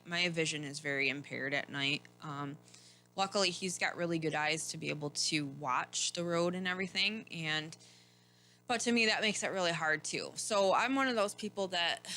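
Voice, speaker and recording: A woman's voice: fairly low pitch, pushed and bright. Candid woman host telling a story. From Michigan. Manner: candid, rambling, laughs often, many restarts. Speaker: podcast host. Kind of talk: casual personal storytelling.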